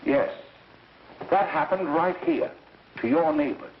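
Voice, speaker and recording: An actor playing a stern lecturer who solemnly warns parents, in 1930s film acting, recorded as echoey, dull and hissy 1930s film sound. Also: male voice, fairly high pitch, a little slow, natural voice. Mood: grave warning. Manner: solemn, preachy, pointing at listeners. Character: stern older male lecturer, preachy and grave.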